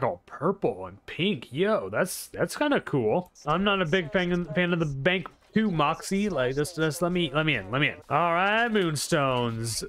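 A man's voice: fairly high pitch, a bit bright. A young man giving rambling, sarcastic commentary while playing a video game, often talking back to the characters on screen. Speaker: gaming channel host. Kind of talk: casual gameplay commentary.

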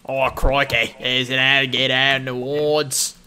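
Man doing a swaggering fake-Australian wrangler, loud and hammy, mid-pitched, faint hiss behind. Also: level tone, a little slow. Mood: boisterous. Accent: put-on Australian. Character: brash man doing a mock outback wildlife wrangler.

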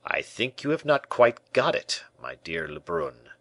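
A man voicing a sly male bishop who speaks in a measured, quiet way. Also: medium pitch, sing-song, gravelly, no room sound, voice pushed up, full character voice. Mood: calm, scheming. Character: sly, smooth-talking male bishop and ex-musketeer.

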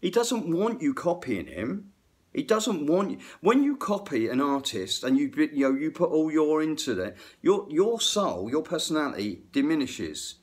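A middle-aged man, a guitar tech, chatting to camera about music theory in a rambling, excitable way that often interrupts itself. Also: fairly high pitch, normal speed. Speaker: guitar tech and aspiring guitar teacher. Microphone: phone camera.

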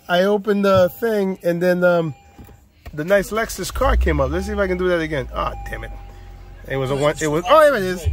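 A man selling used cars in a casual walkaround video, with playful, hyped-up patter and lots of repetition, recorded outdoors on a car lot. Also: sits high.

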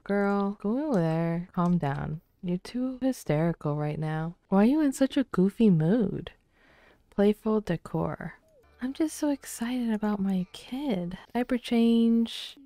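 A woman giving casual commentary while playing a life-sim game, soft-spoken and often half-whispering, close to the mic. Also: lowish voice, no room sound. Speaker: let's play creator.

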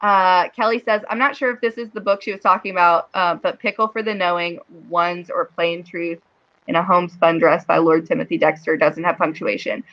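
A woman's voice: on the low side, steady tone, brisk, muffled recording. A woman hosting a casual livestream chat, reading viewer comments aloud and laughing often. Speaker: livestream host.

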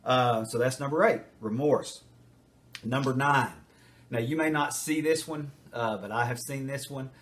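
A man's voice: medium pitch, measured pace. An older man, a retired teacher and school administrator, giving casual advice in a rambling way with many fillers as he works through numbered points. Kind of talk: casual advice talk to camera.

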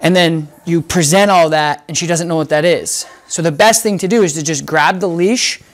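Speaking at normal speed in a medium-pitched voice, this dog trainer explains things casually but emphatically, repeating short punchy lines. Soft whispers to the dog fill the gaps between the instructions.

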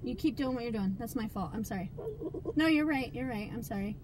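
A woman's voice: on the high side, expressive, brisk, a little mellow, a little hiss or hum. A woman, a mother, chatting casually and teasing her son on a live stream, giggling often. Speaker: mother demonstrating nail polish on a live stream.

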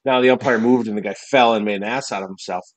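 A man's voice: fairly low pitch, quick pace, dry recording, low-quality recording. A man co-hosting a casual podcast chat, blunt and joking. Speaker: podcast co-host.

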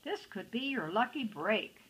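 A woman voicing an excitable male circus bear in a storybook, urgent and exclamatory. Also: a little high, measured pace, breathy edge, full character voice.

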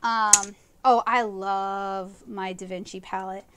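A woman's voice: mid-range voice, fairly even intonation, takes it slowly, background noise. A woman comic artist chatting enthusiastically through a live watercolor painting tutorial, rambling with fillers as she loses her voice. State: losing her voice.

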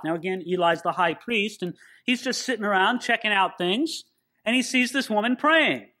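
High bright-voiced man preaching a sermon. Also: lively intonation, normal speed. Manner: conversational, joking asides, emphatic. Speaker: pastor. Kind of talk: expository Bible teaching sermon.

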